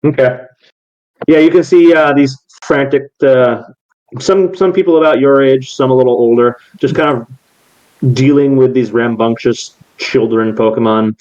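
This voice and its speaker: A man narrating as game master in a relaxed way, with many fillers. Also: mid-range voice, measured pace, highs cut off.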